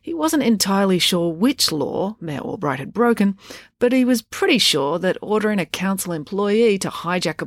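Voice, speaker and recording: A woman who is a children's author and podcast host, reading a bedtime story aloud in a slow, deliberate way. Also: on the low side, dry recording, clean studio sound.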